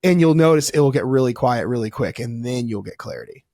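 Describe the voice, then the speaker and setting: A man talking as a weight loss coach guest on a podcast, animated and profane, acting out little voices as he explains. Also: mid-range voice, fast talker, dry recording, studio quality. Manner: animated, swearing, acts out voices. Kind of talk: casual podcast conversation.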